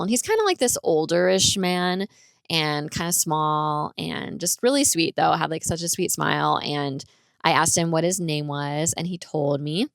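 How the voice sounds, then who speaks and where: Woman podcaster rambling through a story, says like a lot, lowish voice with some fry, dry close sound. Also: moderate pace, no room sound. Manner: chatty, rambling, fills speech with "like". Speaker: podcast host. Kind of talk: casual personal storytelling.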